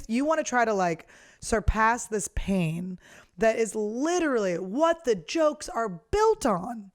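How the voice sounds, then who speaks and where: Woman comedian, thirties, profane, animated, storytelling rant, dry recording. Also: medium pitch, dry recording. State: hiccuping and burping. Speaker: comedian and host. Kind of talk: casual rant to camera.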